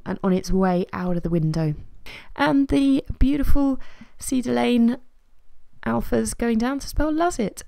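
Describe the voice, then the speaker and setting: Woman, craft vlogger, relaxed self-deprecating narration, dry close sound. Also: mid-range voice, creaky, dry recording. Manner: chatty and self-deprecating, with soft laughs and trailing fillers. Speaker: scrapbooking vlogger. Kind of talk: casual voice-over narration of a craft process.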